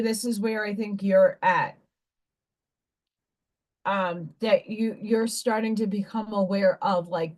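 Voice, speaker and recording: A woman's voice: mid-range voice, a little mellow. A woman hosting a livestream, talking candidly and rambling, with casual swearing, and reading oracle card messages aloud. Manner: reads card messages aloud between chat.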